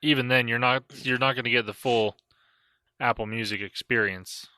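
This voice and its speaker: Bright-voiced man cracking dry jokes. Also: mid-range voice, fairly even intonation, moderate pace, no echo. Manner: dry wisecracks. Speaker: podcast co-host. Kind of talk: casual tech chat.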